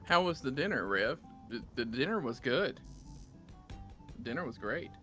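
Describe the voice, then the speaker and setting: Bright-voiced Southern US man. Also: medium pitch, expressive, normal speed, soft background music. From Southern United States. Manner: chatty, rambling storyteller. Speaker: streamer host reading chat. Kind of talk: casual gaming chat.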